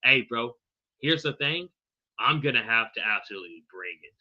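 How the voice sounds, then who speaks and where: A man's voice: mid-range voice, expressive, normal speed, lo-fi sound. A man hosting a live podcast, answering viewer chat in a loose, profane way and calling everyone bro and brother. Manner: fumbles unfamiliar names. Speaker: podcast host.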